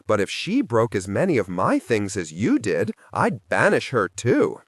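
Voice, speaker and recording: A man voicing a low, smooth, soft-spoken mage. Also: huge pitch swings, a little slow, no room sound, studio quality, exaggerated voice. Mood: exasperated. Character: soft-spoken gentle male mage, patient.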